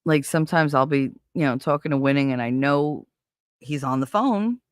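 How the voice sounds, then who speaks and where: A woman's voice: low voice, normal speed, no room sound. Candid rambling woman, dry close sound. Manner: candid, rambling and emotional, with mild swearing. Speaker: livestream host. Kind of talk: casual chat with live viewers. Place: at home, seated at a computer.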